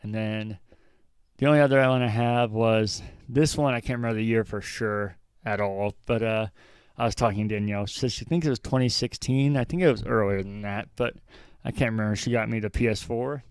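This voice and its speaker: A man's voice: on the low side, steady tone, brisk, clean tone, no room sound. A young man hosting a casual gaming podcast. He rambles and thinks aloud, often putting himself down. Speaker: podcast host. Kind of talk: casual chat.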